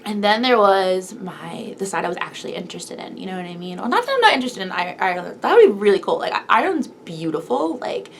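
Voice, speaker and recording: Young woman vlogger, gravelly voice, teary confessional talk, faint hiss behind. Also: medium pitch, expressive, fast, hardly any pauses. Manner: emotional, tearful, rambling with many likes. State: close to tears. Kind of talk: personal confessional vlog.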